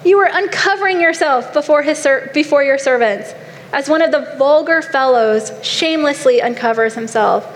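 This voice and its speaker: Woman doing a scornful royal wife, sarcastic, high sneering voice, long hall echo. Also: normal speed, lightly acted. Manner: sarcastic, mocking. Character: scornful royal wife mocking her husband, adult woman. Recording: long hall reverb, faint noise.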